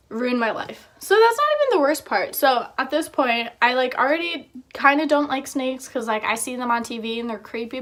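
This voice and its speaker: A woman's voice: high-pitched, bright, forceful tone. Chatty young woman telling a story. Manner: chatty, filler-heavy storytelling. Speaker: vlogger. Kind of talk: casual storytime.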